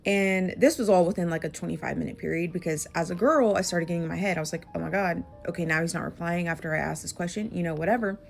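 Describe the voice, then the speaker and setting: A woman's voice: lowish voice, quick pace, creaky, hardly any pauses, faint music behind. A woman telling a casual storytime, chatty and full of fillers and quoted dialogue.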